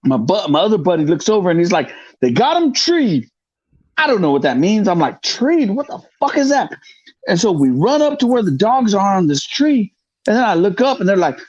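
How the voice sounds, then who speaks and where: A man telling a hunting story in casual podcast chat, profane and animated, acting out the other people's voices. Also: high-pitched, no echo, lo-fi sound. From grew up in the projects. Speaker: podcast host.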